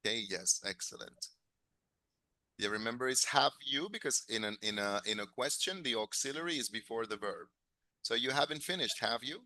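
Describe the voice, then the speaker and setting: A man's voice: medium pitch, normal speed, sharp tone, dry recording. A man teaching an English class, encouraging his students, drilling phrases and chuckling often.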